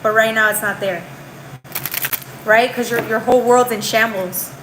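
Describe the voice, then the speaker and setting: A woman's voice: fairly high pitch, fairly even intonation, moderate pace, noisy background. A woman giving a live tarot reading in a chatty, slangy way. She keeps tagging her lines with "right?" and often restarts or trails off mid-phrase. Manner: slangy, calls the viewer girl and bro. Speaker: tarot reader.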